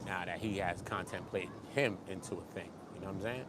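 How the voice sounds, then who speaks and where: A man hosting an online gossip commentary show, talking fast and slangy, swinging from low mutters to loud excited bursts. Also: very noisy. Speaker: YouTube commentary host. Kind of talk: animated street-gossip commentary.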